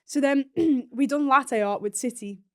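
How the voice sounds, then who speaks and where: A young woman with an English accent chatting casually as a guest on a podcast. She tells stories in a fairly high voice and acts out each line of dialogue she quotes. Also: measured pace, darkish tone. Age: young adult. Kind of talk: casual chat.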